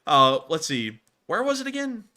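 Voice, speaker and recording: Hosting a casual news livestream, this young man is very animated, jokey and playful. His high-pitched voice has a sharp tone, and he keeps tossing out teasing asides.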